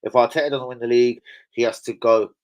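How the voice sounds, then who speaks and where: Swearing lad on a live stream. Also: male voice, mid-range voice, steady tone, quick pace, low-quality recording. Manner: swearing, chatty, laughs often, answers chat. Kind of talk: casual live stream chat.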